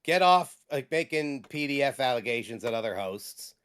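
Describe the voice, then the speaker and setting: A man's voice: medium pitch, animated, normal speed, a bit bright, smooth. A man on a livestream panel arguing heatedly and defensively, swearing often. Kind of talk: heated casual debate.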